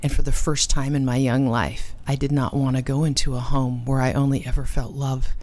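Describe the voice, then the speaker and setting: A woman and ministry cofounder giving an earnest, emotional personal testimony, with dramatic pauses. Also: very deep voice, level tone, darkish tone. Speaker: ministry cofounder and conference speaker.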